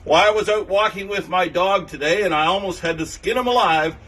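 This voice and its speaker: A man's voice: high-pitched, a little fast, a bit bright. A Canadian man giving a joke weather report.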